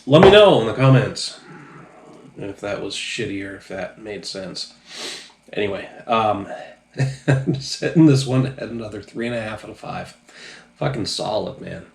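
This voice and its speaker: Low-voiced tipsy man in echoey room. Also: expressive, a little slow, vocal fry. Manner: loose, profane, rambling with many fillers. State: a little tipsy. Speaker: drinks reviewer. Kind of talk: casual review vlog.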